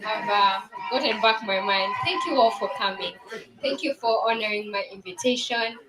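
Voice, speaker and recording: A woman in her twenties who has just founded a business gives an earnest launch speech at an event venue, using frequent fillers and restarts. Her mid-range voice moves at normal speed, while the roomy space carries music and crowd noise, making the recording very noisy.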